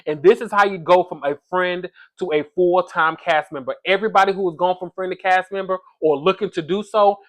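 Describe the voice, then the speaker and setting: A man's voice: high-pitched, fairly even intonation, a little fast, hardly any pauses, a bit bright. Chatty man recapping reality TV. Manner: chatty, gossipy, talks straight to viewers. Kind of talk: casual recap commentary.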